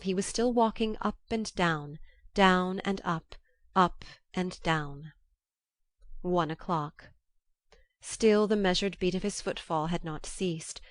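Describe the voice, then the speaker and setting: A woman narrating a classic novel as an audiobook in a measured, even storytelling manner, close to the mic. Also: lowish voice, no room sound.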